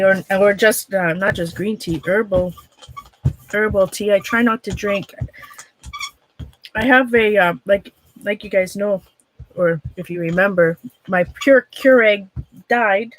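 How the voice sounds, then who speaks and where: The recording is low quality, and the woman speaking has a medium pitch and a Minnesota accent. As host of an art livestream, she demonstrates a craft and chats easily with viewers. She tends to ramble, interrupt her own thoughts, and break into laughter often.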